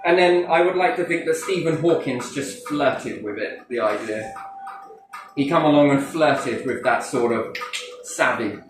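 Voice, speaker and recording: A man's voice: medium pitch, a little slow, over music. A man speaking to a group in a playful, rambling way, swearing freely and acting out quotes. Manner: animated, cheeky, swears freely, acts out quotes. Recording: echoey room, distant mic, faint noise.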